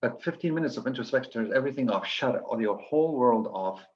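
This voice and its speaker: A man's voice: medium pitch, animated, fast talker, a little mellow, highs cut off. A man giving an earnest coaching lecture to physicians, listing steps with frequent restarts.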